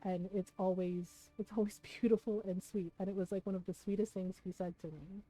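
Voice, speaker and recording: A woman's voice: medium pitch, steady tone, fairly quick, mellow, faint music behind, low-quality recording. A woman streamer chatting casually, telling a personal story to her viewers and often checking in with "right?". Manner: chatty, keeps asking "right?". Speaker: live streamer.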